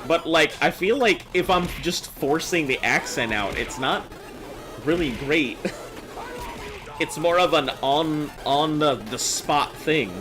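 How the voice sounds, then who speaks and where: A man's voice: fairly high pitch, animated, takes it slowly, music in the background. A man streaming live, chatting casually with viewers, reading chat messages aloud and joking as he goes.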